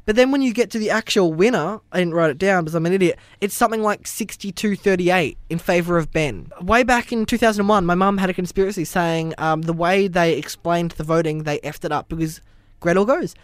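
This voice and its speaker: Young Australian man, high pitch, easygoing, dry close mic. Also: brisk, dry recording. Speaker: podcast co-host. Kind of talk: casual chat.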